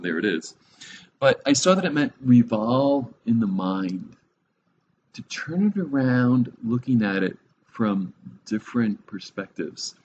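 A man's voice: on the low side, a little mellow, lo-fi sound, slight background noise. A middle-aged man giving a casual, conversational Bible teaching, thinking aloud with fillers and asides.

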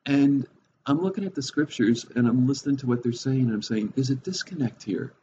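A man's voice: mid-range voice, a little fast, highs cut off, noisy background. A middle-aged man giving a casual, conversational Bible teaching, thinking aloud with fillers and asides.

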